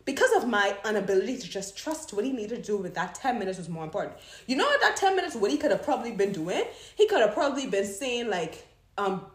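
Young woman vlogging about faith, bouncy high voice, echoey room. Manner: animated storytelling with laughs. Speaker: Christian vlogger. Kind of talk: casual devotional talk.

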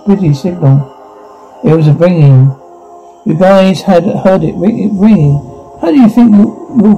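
A man reads out a drama script line by line, sound cues and all, in a flat, halting manner with frequent restarts. His voice sits high, yet its tone is very dark and mellow. A dull, lo-fi recording carries faint music underneath. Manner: flat, stumbling read with restarts. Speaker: reader voicing a whole drama.

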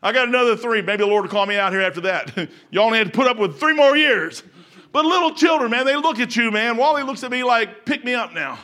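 An older pastor preaches in a church, folksy and chuckling at his own stories. His voice sits high and carries a bright, forceful edge, rising to shouts and sinking to near whispers. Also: quick pace. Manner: folksy, laughing, swings from shouting to hushed. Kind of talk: sermon. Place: church sanctuary.

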